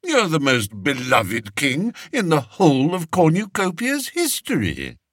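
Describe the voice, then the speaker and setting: A man voicing a scheming, smooth-talking courtier with an unctuous, measured manner, in an audiobook. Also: on the high side, wildly swooping pitch, a bit bright, no echo, studio quality, pitched above the performer's own voice, heavily acted. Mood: oily. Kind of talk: audiobook character voice.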